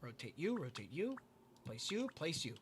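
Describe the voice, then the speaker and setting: A man's voice: medium pitch, sing-song, normal speed, background noise. A man streaming a building game, chatting casually with his viewers and muttering to himself as he places blocks. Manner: muttering to himself while building, answering chat. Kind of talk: casual livestream chat while playing.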